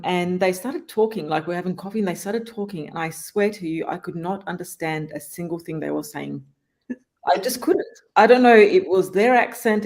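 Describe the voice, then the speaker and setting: A panel guest on a video call telling animated stories and laughing often. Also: medium pitch. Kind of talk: live panel conversation.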